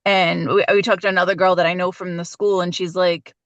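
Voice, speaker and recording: A woman's voice: fairly low pitch, flat delivery, brisk, fairly bright tone, no room sound, lo-fi sound. A woman in her forties co-hosting a podcast, telling stories in rambling casual chat with many restarts. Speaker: podcast co-host.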